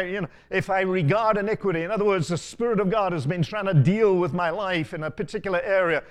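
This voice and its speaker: Older male preacher, storytelling sermon. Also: high voice. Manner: unhurried storytelling preaching, frequent asides. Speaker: pastor.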